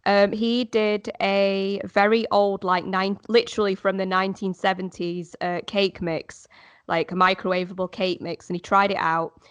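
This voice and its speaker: Casting note: woman, podcast guest, mid pitch, chatty, dry close mic. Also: level tone, normal speed, smooth, no room sound, muffled recording. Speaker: podcast co-host. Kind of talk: casual chat.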